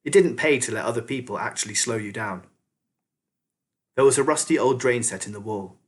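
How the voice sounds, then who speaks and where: Teacher guy reading a kids book out loud, lively storyteller. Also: medium pitch, a little fast. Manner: expressive storyteller. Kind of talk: children's audiobook reading.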